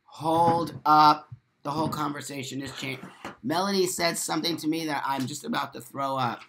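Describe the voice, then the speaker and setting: A man's voice: fairly high pitch, steady tone, normal speed, creaky, noisy background. A middle-aged man hosting a casual live stream, reading viewer comments aloud and answering in a blunt, profane, emphatic way.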